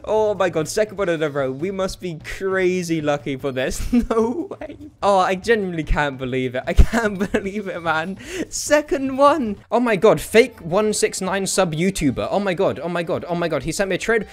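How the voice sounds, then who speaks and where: A young man streaming a game, commenting live in an excitable, jokey way and often breaking into laughter and yelps. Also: sits high, normal speed. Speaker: gaming streamer.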